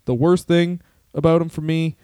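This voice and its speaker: A man's voice: fairly high pitch, fairly even intonation, normal speed, warm tone, clean tone, no echo, studio quality. A man co-hosting a comedy podcast, rambling and profane with many restarts. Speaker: podcast co-host. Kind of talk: casual comedic banter.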